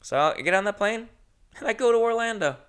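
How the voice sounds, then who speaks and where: A man telling a story as a comedy podcast host, profane and exasperated, swinging from low mutters to shouting. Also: lively intonation, fairly quick, smooth. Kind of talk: ranting storytelling monologue.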